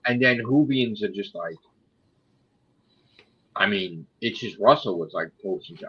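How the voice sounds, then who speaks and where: A man's voice: lowish voice, slow pace, pauses often, slightly rough, muffled recording. An American man ranting in a casual chat, swearing a lot. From United States.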